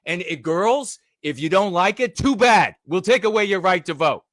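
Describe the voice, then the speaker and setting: A man's voice: high-pitched, animated, normal speed, a bit bright, no echo, studio quality. A man giving angry, mocking commentary on a news clip, with many fillers and restarts.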